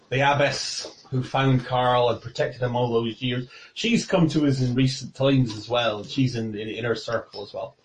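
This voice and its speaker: A friendly, rambling camp follower, played by a man in a tabletop game, with an ordinary mid-pitched voice. He wanders through his answers, stalling on ums and uhs. A faint hiss runs behind him. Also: natural voice, rough recording. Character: middle-aged male camp follower, helpful and talkative.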